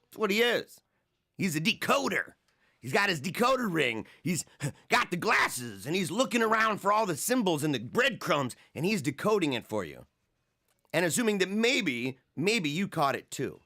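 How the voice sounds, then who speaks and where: Man, livestream host, casual chat, animated and mocking, laughs a lot, slightly high voice. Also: moderate pace. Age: adult, married with young children. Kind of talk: casual chat with viewer comments.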